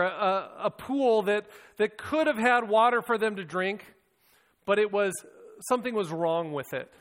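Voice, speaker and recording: A man with a high voice delivers a sermon. He speaks in an earnest, reflective way and often doubles back on his words as he goes. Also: a bit bright, in a large hall. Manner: earnest, reflective, with frequent restarts and repeated words. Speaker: preacher.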